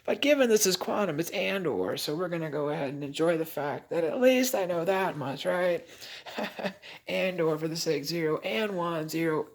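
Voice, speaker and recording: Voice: medium pitch, lively intonation, moderate pace, hardly any pauses. A vlogger in a rambling, emotional personal monologue, laughing often and trailing off mid-thought.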